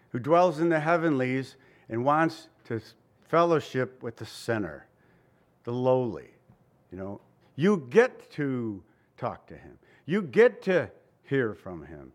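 A man preaching a sermon in a conversational way, asking rhetorical questions and chuckling now and then. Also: on the high side. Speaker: pastor.

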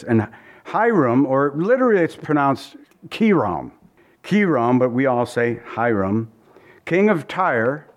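A man preaching as a pastor, teaching verse by verse in a folksy, conversational way and often repeating his phrases. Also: fairly high pitch.

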